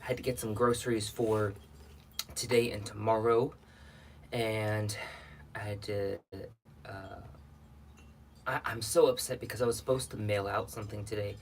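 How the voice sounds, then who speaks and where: A man's voice: on the low side, level tone, normal speed, pauses often, a little hiss or hum. A man hosting a casual livestream, chatting and rambling with viewers and greeting them by name, a little out of breath. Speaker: livestream host.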